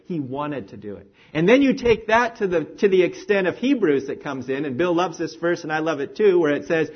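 A male preacher delivers a sermon in a husky, rather high voice that leaps and falls with lively emphasis. He swings from ringing declarations down to hushed near-whispers. The recording is dull and lo-fi. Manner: animated, rising and falling emphasis, drops to near-whisper.

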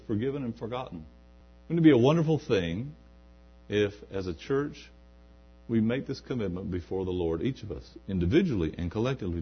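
A man's voice: on the low side, breathy edge. A man preaching a sermon in a church, building to emphatic peaks and acting out quoted asides. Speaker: pastor. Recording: dull lo-fi recording.

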